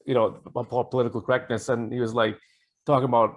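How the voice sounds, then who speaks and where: A man co-hosting a podcast, telling stories in a halting, hesitant way with many fillers. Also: mid-range voice, flat delivery. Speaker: podcast co-host. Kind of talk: casual political chat.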